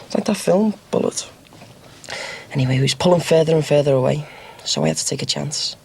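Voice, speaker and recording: A man's voice: a little high, brisk, gravelly, slightly rough, heavily acted. An actor playing a cocky, boastful young ex-con in a TV soap, telling his story. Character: cocky young ex-con man, brash braggart. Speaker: small-time criminal. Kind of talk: TV soap drama acting.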